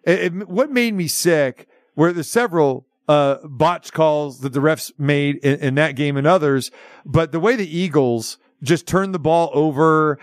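High-voiced ranting sports radio host. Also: male voice, a little slow, dry recording, clean studio sound. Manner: animated ranting, acts out quotes.

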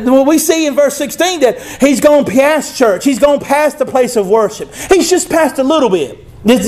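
A man's voice: extremely high pitch, darkish tone. A male pastor preaching a sermon in an emphatic, conversational way, with frequent asides and call-outs to his congregation.

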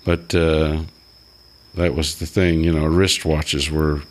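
An older man, rambling through old stories in casual chat with halting restarts. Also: a bass voice, level tone. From Alabama.

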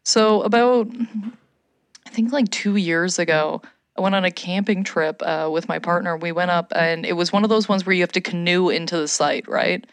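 A woman from Canada telling a funny story in casual chat, animated, swearing and shouting out quoted lines. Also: fairly low pitch, moderate pace, smooth, dry recording.

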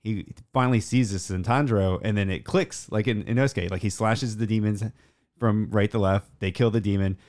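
A man with a fairly low voice talks through a show recap in a loose, rambling way. He keeps slipping in "like" and quick acted snippets of the characters' lines. It sounds like easygoing podcast chat. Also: steady tone, a little mellow. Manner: rambling retelling, acts out character lines, many "like" fillers. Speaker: podcast co-host. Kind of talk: casual episode recap chat.

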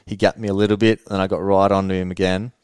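A young man telling motocross race stories in a relaxed, rambling way, laughing now and then as a podcast guest. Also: deep voice, fast talker, smooth, dry recording. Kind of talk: casual interview storytelling.

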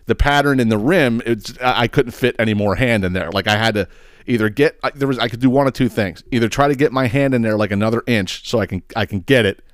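Smooth-voiced rambling male storyteller. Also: mid-range voice, fast, dry recording, studio quality. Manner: rambling, swears often, laughs at himself. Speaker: podcast host. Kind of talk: casual storytelling.

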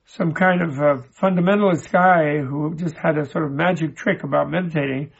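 A man with a very gravelly, husky voice and a slightly raised pitch gives an informal spiritual teaching. He talks haltingly, doubling back on his words as he tells old stories. The recording sounds dull and lo-fi. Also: fairly even intonation. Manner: halting, repeats and restarts words, digressive. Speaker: Buddhist teacher. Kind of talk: informal spoken teaching with storytelling.

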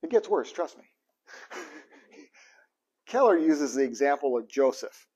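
A man giving a conversational sermon, animated and asking his listeners questions. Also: a little high, unhurried, breathy edge, dull audio. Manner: animated, asks the audience questions. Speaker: preacher.

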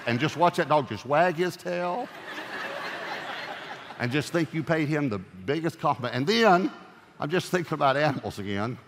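A man preaching a sermon as pastor, animated and joking, swinging from loud punchy lines to hushed earnest ones. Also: fairly high pitch, moderate pace, big-room sound, slight background noise.

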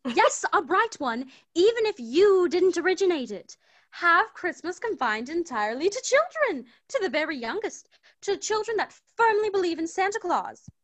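Woman acting doting mother, gushing, coaxing, shrill high voice, swooping tone. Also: very animated, normal speed, fairly bright tone, no echo, heavily acted. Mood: arguing. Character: fussy, doting wife and mother. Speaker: Mrs. Fountain.

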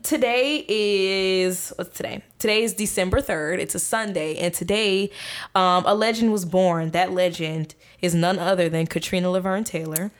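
A woman's voice: fairly low pitch, normal speed. A woman co-hosting a casual podcast chat, speaking, emphatic and profane, laughing often as she argues her point. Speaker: podcast co-host.

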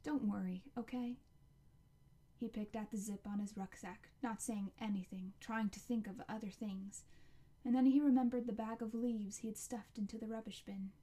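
A woman narrating a novel chapter as an audiobook, in a measured, expressive storytelling manner. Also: fairly high pitch.

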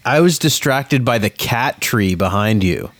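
A man's voice: medium pitch, expressive, unhurried, fairly bright tone. A man co-hosting a podcast, dropping dry, wry remarks in casual chat. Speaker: podcast co-host.

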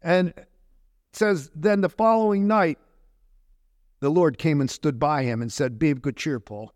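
Fairly high-voiced man preaching a sermon. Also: a little slow, a little mellow, no room sound, studio quality. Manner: conversational preaching with rhetorical questions. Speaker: pastor.

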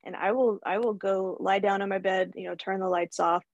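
Brief: woman host, relaxed and hesitant storyteller, dry recording. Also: medium pitch, a little fast, dry recording, muffled recording. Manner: conversational, hesitant, laughs lightly while telling stories. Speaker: podcast host and mother. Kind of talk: podcast interview.

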